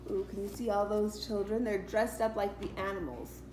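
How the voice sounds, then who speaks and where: A woman's voice: mid-range voice, normal speed, a little mellow, reverberant, a little hiss or hum. A woman reading picture books aloud to preschool children in a sing-song, playful way. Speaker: preschool story-time reader.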